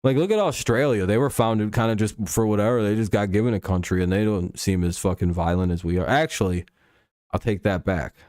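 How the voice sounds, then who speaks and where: A man's voice: on the low side, brisk, a little mellow, dry recording, studio quality. A man hosting a casual live stream, rambling and swearing freely, with chuckles and frequent restarts. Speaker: stream host.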